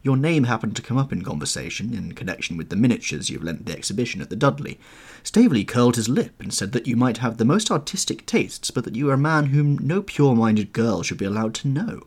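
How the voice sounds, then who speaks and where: A man's voice: medium pitch, expressive, brisk, a little mellow, husky, pitched above the performer's own voice. A man voicing a grave, earnest male painter in an audiobook, pleading with mounting urgency. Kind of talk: audiobook character reading.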